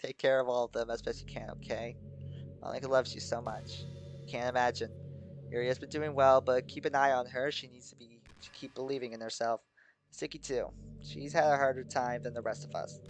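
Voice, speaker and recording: A man voicing an exhausted, despairing teenage girl who talks quietly and haltingly, apologizing as she goes. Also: medium pitch, steady tone, close to an everyday voice. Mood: tender farewell.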